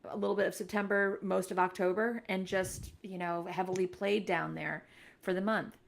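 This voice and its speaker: A woman co-hosting a casual fan podcast, speaking earnestly and warmly with frequent fillers. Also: medium pitch, steady tone, normal speed, gravelly. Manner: earnest, heartfelt, with many fillers. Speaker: podcast co-host.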